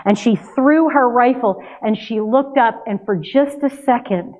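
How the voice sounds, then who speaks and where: An older woman giving a sermon, telling a family story in a conversational, lively way. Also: a little high, measured pace. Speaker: minister. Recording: tinny phone-like sound.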